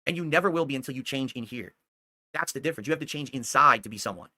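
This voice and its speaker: An angry man rants at a rival in a fast, heated stream, cursing and pressing him with repeated questions. His voice is bright and cutting and sits a bit high. The sound is dry and close. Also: expressive, no room sound. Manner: heated, scolding, profane, repeatedly asking "do you understand". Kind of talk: angry ranting monologue.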